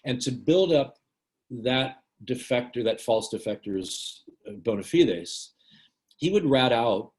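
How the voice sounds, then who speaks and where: A man giving a book talk in a casual, halting way, full of fillers and restarts, telling stories with wry humor. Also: medium pitch, animated, darkish tone. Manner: hesitant, many fillers and restarts.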